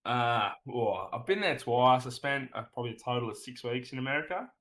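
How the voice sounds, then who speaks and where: Australian man, podcast guest, relaxed rambling storyteller. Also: mid-range voice, a little fast, low-quality recording. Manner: laid-back, rambling storyteller who says "mate" a lot. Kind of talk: casual podcast chat.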